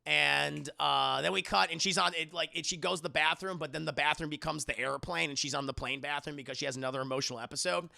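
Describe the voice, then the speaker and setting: A man recapping a movie in a rambling, profane, animated way while talking straight to his co-host. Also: on the high side, fast talker, creaky, hardly any pauses, dry recording. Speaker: movie reviewer. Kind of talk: casual comedic movie recap.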